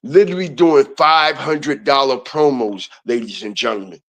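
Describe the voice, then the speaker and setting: A man hosting a commentary channel, ranting in a loud, profane and mocking way and talking straight to his viewers. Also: mid-range voice, normal speed. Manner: loud, profane, mocking, repeats "all right" and "y'all".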